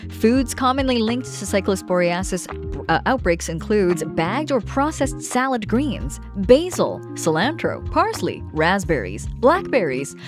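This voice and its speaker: Woman streamer, playful and chatty, lively swooping pitch, music playing behind her. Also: a little slow. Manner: chatty and playful, reads aloud then jokes. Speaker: streamer and artist. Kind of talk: casual livestream chat while drawing. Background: background music.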